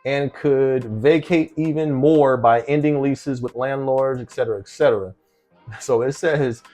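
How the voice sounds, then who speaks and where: Brief: man from New Jersey, mid-pitched, casual vlog commentary with faint music under it, laughs between lines. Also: measured pace, a little mellow. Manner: conversational, laughs often, rhetorical questions. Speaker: vlogger. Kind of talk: casual commentary reading an article.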